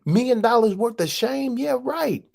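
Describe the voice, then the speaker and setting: A man's voice: very high-pitched, animated, normal speed, vocal fry, darkish tone. A man hosting his own channel, giving a profane, preachy monologue full of slang and rhetorical questions. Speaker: host. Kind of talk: casual monologue.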